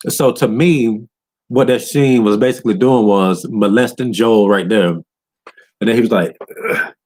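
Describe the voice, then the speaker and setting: A man rants through a video game story in a low, loose voice. He swears freely and breaks into high, excited voices when quoting characters. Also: moderate pace. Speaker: gaming commentator. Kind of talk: casual rant recapping a video game.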